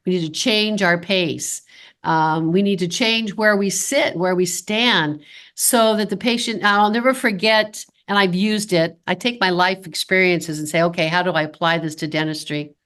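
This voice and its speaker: A woman's voice: fairly low pitch, moderate pace. A woman in her fifties, a dental practice consultant, giving a podcast interview and acting out quoted dialogue as she tells stories. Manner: animated storyteller who acts out quoted dialogue.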